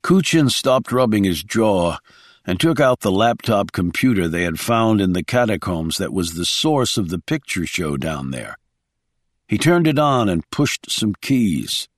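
Man reading an audiobook, calm, pitch moves a lot, dry close mic. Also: measured pace, dry recording. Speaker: narrator. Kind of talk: audiobook narration.

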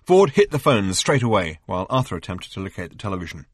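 A man reading an audiobook, narrating in an even, wry storytelling manner. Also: low voice, quick pace, husky, no echo, studio quality. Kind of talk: scripted narration.

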